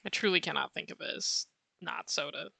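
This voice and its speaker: Woman, bright voice, casual sketch-stream chat, playful, dry close mic. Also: deep voice, fairly quick, vocal fry, no echo. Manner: chatty, reads and answers chat, laughs often. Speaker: art streamer.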